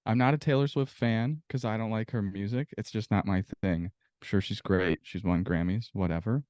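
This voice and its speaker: A man's voice: lowish voice, normal speed, a little mellow, no room sound, studio quality. A man co-hosting a casual sports podcast, venting in a profane, exasperated rant. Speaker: podcast co-host.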